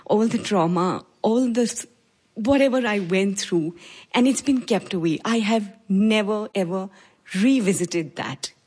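Husky-voiced Indian woman telling her story. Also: medium pitch, unhurried, darkish tone. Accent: Indian English. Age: 40s. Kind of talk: personal storytelling talk.

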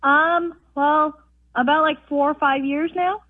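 A teenage girl calls in to a radio show with a hesitant question. Her voice is high and dry. It comes through a tinny phone line. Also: steady tone, measured pace, no room sound. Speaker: radio caller.

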